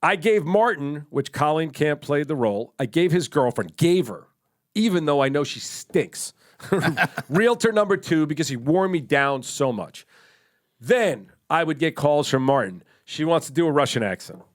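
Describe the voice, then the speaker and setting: A man co-hosting a podcast, telling a long story in casual chat, animated, laughing and swearing now and then. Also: a little high, measured pace. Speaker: podcast co-host.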